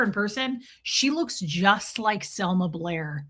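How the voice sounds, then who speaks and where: A woman in her forties hosting a casual livestream, greeting viewers by name and joking with dark humor. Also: mid-range voice, expressive, slow pace. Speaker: livestream host. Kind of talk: casual livestream chat reading viewer comments.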